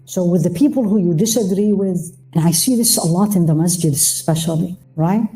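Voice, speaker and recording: A woman's voice: fairly low pitch, brisk, warm tone, soft background music. A middle-aged woman giving a religious lecture, engaging her audience with rhetorical questions and mixing Arabic phrases into her English. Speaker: religious teacher.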